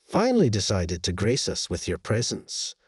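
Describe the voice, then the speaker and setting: A man voicing a suspicious royal guard leader with a gruff, booming voice and a barking, sneering manner. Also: huge pitch swings, normal speed, no echo, studio quality, heavily acted. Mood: hostile.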